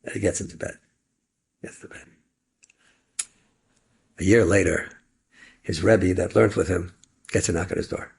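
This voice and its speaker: A man's voice: low-pitched, fairly even intonation, moderate pace, gravelly, pauses often, slightly rough. A middle-aged man with an American Yeshivish accent, a rabbi telling an inspirational story and acting out the dialogue with a rising voice. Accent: American Yeshivish English with Hebrew and Yiddish words. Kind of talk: inspirational story told to an audience.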